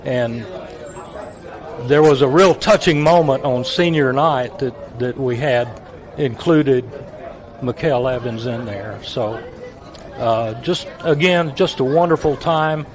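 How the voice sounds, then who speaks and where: A man, a retired stadium announcer, telling stories in a folksy, halting way with repeated words. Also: medium pitch. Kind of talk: reminiscing guest on a talk show.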